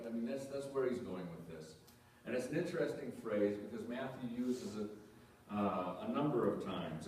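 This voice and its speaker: A male pastor with a lowish, slightly mellow voice delivers a conversational sermon in a church sanctuary, frequently questioning the congregation and repeating phrases. The distant mic captures an echoey room with a little hiss or hum.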